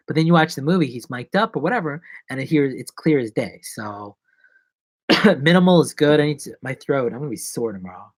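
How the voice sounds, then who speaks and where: A young adult man, an actor and vlogger, chatting casually on a live stream in a jokey, rambling way, jumping between loud bursts and low mumbles. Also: animated, brisk, dry recording.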